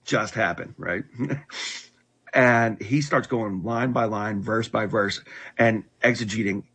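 A middle-aged man earnestly telling his life story in conversation, halting and restarting often. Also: fairly low pitch, steady tone, a bit bright, husky. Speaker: guest telling his testimony.

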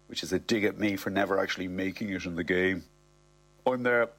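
A middle-aged man reading a comic first-person story, deadpan with indignant asides. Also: lowish voice, moderate pace. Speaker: narrator.

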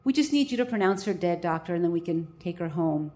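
Woman quoting a calm young grandson. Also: lowish voice, fast, natural voice. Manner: calm, steady, soft-spoken. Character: calm, gentle young grandson who is a nurse.

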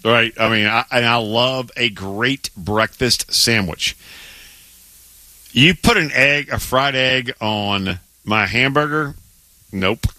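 A man co-hosting a sports radio show, chatting with lots of excitable restarts and stammers. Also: mid-range voice, slow pace, no room sound. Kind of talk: casual sports radio banter. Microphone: studio microphone.

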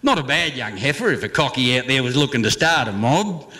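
A man's voice: medium pitch, sing-song, a little fast, heavy background noise. Theatrical Australian man reciting comic verse. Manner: rollicking, theatrical delivery.

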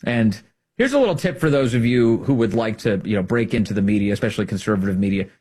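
A middle-aged man delivering an emphatic, combative political commentary monologue, swinging between loud emphasis and hushed asides. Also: fairly low pitch, animated, quick pace, slightly rough.

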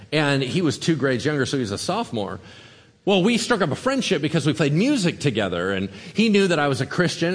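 Energetic pastor preaching in a reverberant hall. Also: male voice. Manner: energetic storytelling, acts out quotes in lowered voice. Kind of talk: sermon.

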